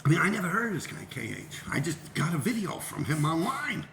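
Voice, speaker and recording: Animated, gravelly New storyteller. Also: male voice, fairly high pitch, a little fast, reverberant, slight background noise. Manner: profane, animated, acts out quoted voices. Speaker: graffiti writer and show host. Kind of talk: casual storytelling.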